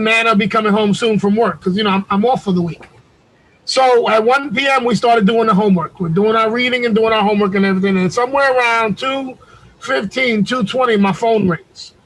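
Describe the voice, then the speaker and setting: A middle-aged man on a video call, telling a long story in an animated, profane, slangy way. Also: extremely high pitch, low-quality recording. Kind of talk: casual storytelling on a group call.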